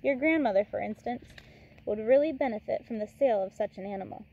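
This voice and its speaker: A woman reading aloud as a smooth-talking, sly male game warden with breezy, overfamiliar patter that turns menacing. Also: fairly high pitch, quick pace, dull audio.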